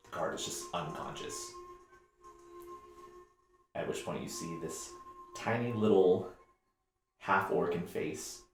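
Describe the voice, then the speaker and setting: A man narrating a tabletop game as game master, with lively, descriptive storytelling. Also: low voice. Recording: echoey room.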